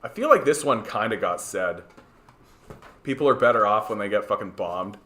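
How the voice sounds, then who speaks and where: On his political livestream, a Canadian man speaks at a moderate pace in a low-leaning voice that is expressive, bright and forceful. He reads and answers chat heatedly, with liberal swearing and lots of stammering restarts.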